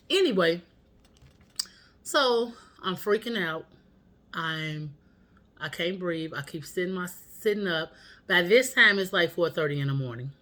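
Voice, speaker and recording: Chatty woman with a bright voice. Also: fairly low pitch. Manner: candid, profane, chatty. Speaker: vlogger. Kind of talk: casual storytelling monologue. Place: at home.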